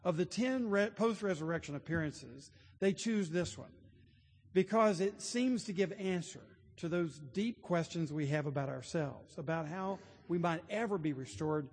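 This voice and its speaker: A man's voice: a little high, normal speed, a little mellow, husky. A man preaching a sermon, telling stories earnestly and building to emphatic points. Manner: earnest storytelling, rising to emphatic. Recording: long hall reverb.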